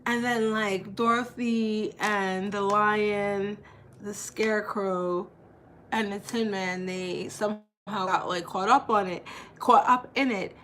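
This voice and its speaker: A woman's voice: mid-range voice, fairly even intonation, slow pace, fairly bright tone, a little hiss or hum. A woman in her thirties chatting casually to her vlog viewers, rambling and playful, with lots of "like" and restarts. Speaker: vlogger.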